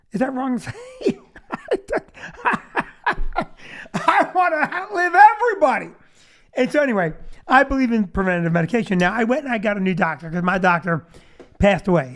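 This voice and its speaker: Guy in his 50s doing a jokey self-deprecating comedy bit, fairly high voice that bounces all over. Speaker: podcast host. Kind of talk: comedic storytelling monologue.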